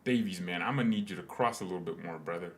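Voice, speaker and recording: Low-voiced joking man. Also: fast talker. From United States. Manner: joking, rambling banter. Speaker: fan channel host. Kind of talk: live match watchalong commentary.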